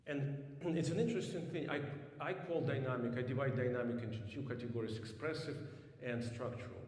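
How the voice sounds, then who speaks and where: A man coaching a piano student in a master class, thoughtful, clearing his throat often and singing phrases to show them. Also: medium pitch, fairly quick, darkish tone, very echoey, long reverb tail.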